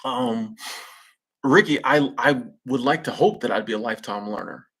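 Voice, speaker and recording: A man's voice: mid-range voice, moderate pace, fairly bright tone, slightly rough. A young man hosting a live stream, chatting casually with viewers in slangy speech and laughing at his own jokes. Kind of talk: casual chat reading viewer comments.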